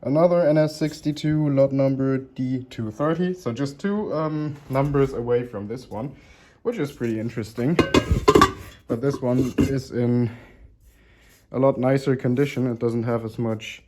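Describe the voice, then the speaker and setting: A relaxed man talks his way through an unboxing, chuckling often and filling pauses with ums and uhs. His voice is mellow and warm at a middle pitch. A faint hiss sits behind him. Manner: relaxed, chuckling, many fillers. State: slightly out of breath. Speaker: collector unboxing helmets. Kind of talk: casual vlog narration.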